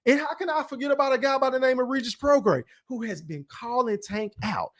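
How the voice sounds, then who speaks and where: A man's voice: very high voice, brisk, a bit bright. A man hosting a podcast, ranting bluntly and profanely in a casual livestream about boxing while reading chat comments. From Texas. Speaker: podcast host.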